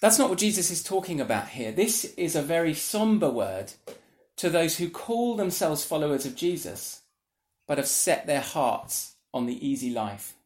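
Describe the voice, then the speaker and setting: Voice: medium pitch, sing-song, moderate pace, darkish tone. Earnest preacher giving a sermon. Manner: earnest, conversational, asks the audience rhetorical questions.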